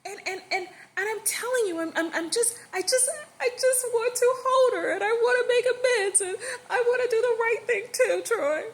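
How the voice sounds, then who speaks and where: A woman voicing a desperate, jealous young wife who pleads in a high, near-tearful voice. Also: normal speed, hardly any pauses. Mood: frantic pleading. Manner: high pleading voice, nearly crying.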